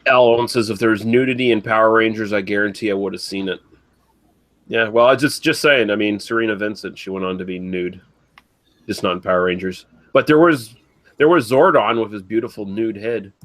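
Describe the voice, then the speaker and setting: A man's voice: lowish voice, fairly quick, a bit bright. A man co-hosting a casual podcast chat, sarcastic and crude in a loose, joking way. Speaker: podcast co-host.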